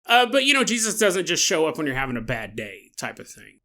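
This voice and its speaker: Man, podcast host, storytelling, lively swinging pitch, jokey, sore throat. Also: fairly quick. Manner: animated, jokey, laughs while telling a story.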